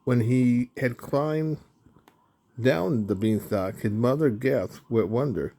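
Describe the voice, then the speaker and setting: A man narrating a children's storybook in a slow, even reading. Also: mid-range voice.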